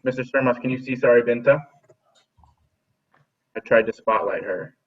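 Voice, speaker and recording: A husky man teaches a music class over a video call and cheers the pupils on, often restarting his sentences. He sits back from the laptop mic, and the dull, lo-fi call audio makes him sound distant. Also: medium pitch, normal speed. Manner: encouraging, repeats and restarts phrases.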